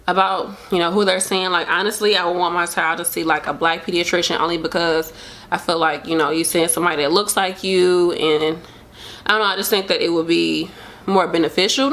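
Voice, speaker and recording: Young woman, low-pitched voice, rambling casual vlog chat, lots of fillers, open and emotional. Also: fairly bright tone. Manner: rambling and chatty, full of fillers. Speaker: vlogger sharing a pregnancy update.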